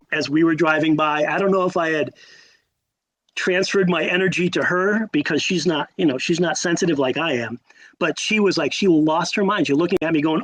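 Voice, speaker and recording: A man in his sixties with a high-pitched voice tells stories as a podcast guest. He is animated, with sudden jumps in pitch, emphatic repeats and a storyteller's pauses. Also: low-quality recording. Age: 60s.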